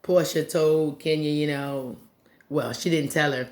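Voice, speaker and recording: Woman, lowish voice, casual reality show recap, blunt, swearing, animated, mimics cast. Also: unhurried.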